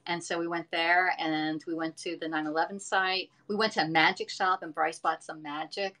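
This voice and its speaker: A woman's voice: fairly low pitch, fairly even intonation, moderate pace, bright, forceful tone. A middle-aged woman in casual live-stream chat, rambling and chatty as she talks to viewers from her home kitchen.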